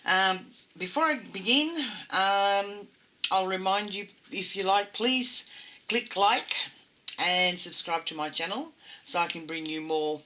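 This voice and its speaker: A woman's voice: mid-range voice, expressive, takes it slowly. A woman hosting a casual doll-making tutorial, chatty and hesitant with frequent ums. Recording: loud background noise.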